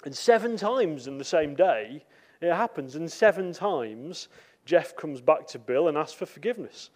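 Male preacher, fairly high voice, conversational sermon full of stories and restarts. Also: animated, normal speed, a little mellow. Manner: storytelling with acted quotes and repeated words. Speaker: visiting preacher.

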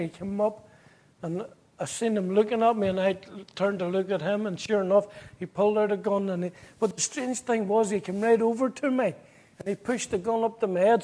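A man's voice: sits high, a little mellow. A man with a Northern Irish accent giving an earnest personal testimony, telling his story vividly and acting out the dialogue. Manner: earnest, at times emotional.

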